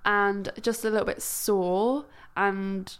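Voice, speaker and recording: A woman's voice: mid-range voice, fairly even intonation, slow, clean tone. A young woman, co-hosting a podcast and telling personal stories in casual, candid chat. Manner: candid, chatty, storytelling. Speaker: podcast co-host.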